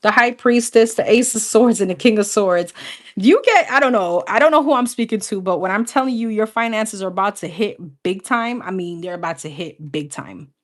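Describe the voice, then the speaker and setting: With a mid-range voice, she talks briskly and barely pauses. She's a young adult tarot reader working casually, calling out card after card, talking with her viewers, and laughing a lot.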